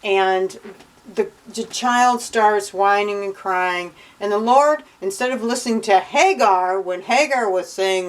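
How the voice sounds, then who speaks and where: Slow, indignant woman vlogger. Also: mid-range voice, rough recording. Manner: indignant, sarcastic retelling. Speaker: vlogger reading through the Bible. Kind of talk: casual commentary.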